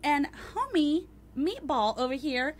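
Teasing, high-voiced woman host. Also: very animated, a little slow, a little hiss or hum. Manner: teasing, profane, joking. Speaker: podcast host. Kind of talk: casual chat, reading a date review aloud.

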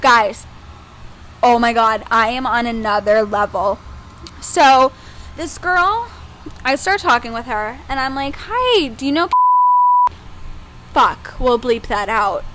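Animated young woman telling a story. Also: a little high, takes it slowly, noisy background. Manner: animated storytelling, acts out quoted voices. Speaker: podcast co-host. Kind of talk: casual chat.

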